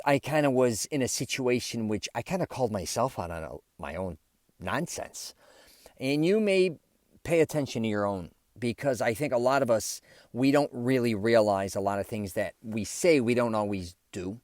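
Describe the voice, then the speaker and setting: A man's voice: mid-range voice, animated, moderate pace, darkish tone, no room sound, studio quality. A man hosting his own solo podcast, talking candidly and rambling a little, with many fillers as he reflects on his own behavior. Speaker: podcast host. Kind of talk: casual solo podcast monologue.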